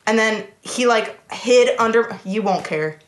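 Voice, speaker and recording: A woman co-hosting a casual chat over a video call, animated and laughing, slipping into playful impressions. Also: on the high side, measured pace. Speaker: co-host.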